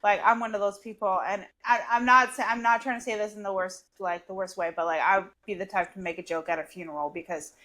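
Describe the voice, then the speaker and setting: A woman's voice: mid-range voice, fairly even intonation, quick pace, few pauses, sharp tone. A woman chatting casually on a podcast, with an everyday mid-range voice. She talks freely, giggles often and scatters "like" and "um" through her sentences. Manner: chatty, giggly, many "like" and "um" fillers. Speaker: podcast co-host. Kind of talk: casual chat.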